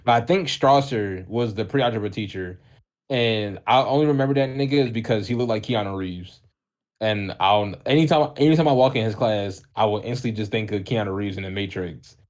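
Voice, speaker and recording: A man's voice: fairly low pitch, fairly quick, a little mellow. A young man co-hosting a podcast in casual chat, joking and teasing with a lot of swearing. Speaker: podcast co-host.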